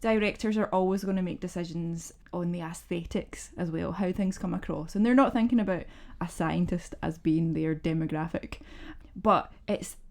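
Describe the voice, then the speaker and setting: A woman, a scientist co-hosting a film review podcast, talking in a casual, wry and lively way. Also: on the low side, moderate pace, hardly any pauses. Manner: animated, wry, swears for effect.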